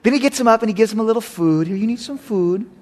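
A man preaching a sermon, telling a story with lively acted-out voices and swinging between loud emphasis and quiet asides. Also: high-pitched, fast. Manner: animated storytelling, acting out characters. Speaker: pastor.

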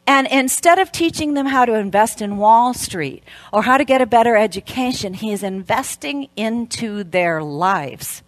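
A middle-aged woman delivers a sermon to a women's gathering, her fairly high voice swinging from quiet, drawn-out emphasis to loud, animated storytelling. The sound is close and dry, with no room echo. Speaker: speaker at a women's Christmas event.

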